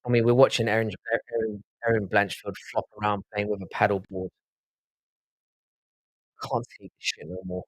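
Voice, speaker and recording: A man's voice: on the low side, level tone, normal speed, pauses often, dry recording, low-quality recording. A man from London with a South London accent, hosting a casual live stream and trading rambling, profane banter with his chat. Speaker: livestream host.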